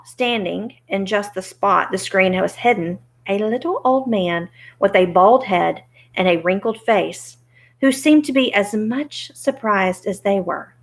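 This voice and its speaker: A woman teacher reading a story aloud to young students, stopping to explain words. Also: mid-range voice. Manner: expressive, explanatory.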